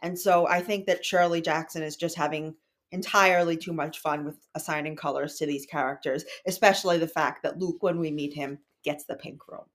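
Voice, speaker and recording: A young woman hosting a book podcast, explaining a story and leading the chat in a relaxed way. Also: low voice, fairly quick. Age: young adult. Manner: chatty, explanatory. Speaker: podcast host. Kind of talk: casual book discussion.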